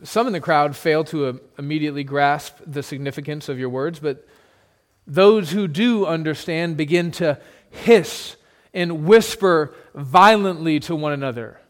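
A pastor preaching a sermon, retelling a scene in vivid second person with dramatic pauses. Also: male voice, on the high side.

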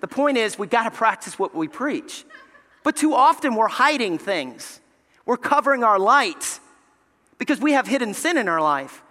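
A male pastor preaching a sermon, telling stories with animated, self-mocking humor. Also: very high voice, moderate pace. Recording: reverberant hall.

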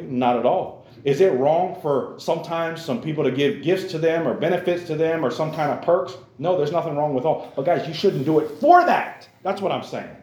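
A man's voice: a little high, a little mellow. A man preaching a sermon to young people in a church, earnest and repetitive, calling out to his listeners again and again. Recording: roomy echo.

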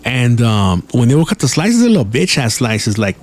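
Dude rambling thru stories, cusses a lot, average pitch, chill slang. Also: male voice, very animated, normal speed. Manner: profane, rambling, laid-back slang. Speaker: podcast host. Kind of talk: casual storytelling.

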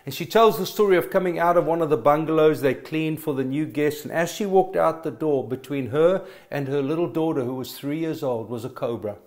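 A man's voice: on the high side, fairly quick, few pauses, a little mellow. A middle-aged man preaching a sermon, telling stories with emphatic stammered restarts. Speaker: pastor.

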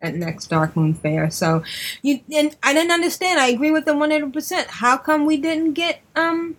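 A chatty woman hosts a relaxed podcast, her voice sitting a little higher than most. She rambles through fillers and breaks into giggles as she talks. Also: moderate pace. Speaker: podcast host. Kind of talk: casual chat.

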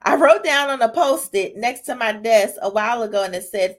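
A woman's voice: on the high side, animated, fairly quick, hardly any pauses. A woman hosting a casual devotional talk, talking straight to her listeners and growing emotional. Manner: conversational, asks listeners "y'all" and "right?", grows emotional. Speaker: podcast host giving a devotional talk.

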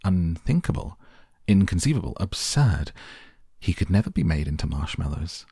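A man's voice: low-pitched, big pitch swings, moderate pace, mellow, slightly rough, no room sound, studio quality, heavily acted. A man voicing a giggling, eccentric chocolate maker with an airy, soothing manner. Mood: breezy.

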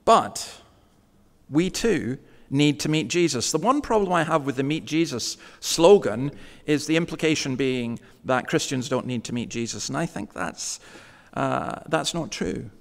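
A man preaching a sermon in a church, talking conversationally and slowing down to stress key words. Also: a little high, animated, gravelly, long reverb tail. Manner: conversational preaching, slows for emphasis.

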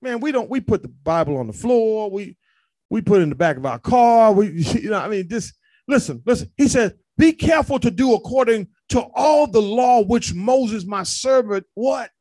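A male pastor preaching a sermon, calling out to the congregation and rising to shouts. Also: sits high, lively intonation, normal speed, no echo.

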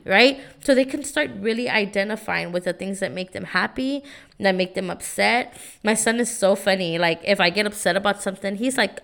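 Earnest young mom giving parenting talk. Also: female voice, medium pitch, moderate pace, a bit bright. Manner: earnest, keeps asking "right?". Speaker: podcast host. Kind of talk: casual motivational talk.

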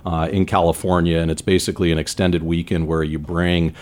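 Man, 40s, from San Diego, very deep voice, earnest rambling interview guest. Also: level tone, a little fast, darkish tone. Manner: earnest, rambling with many "you know" fillers. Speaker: business leader guest. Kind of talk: conversational interview storytelling.

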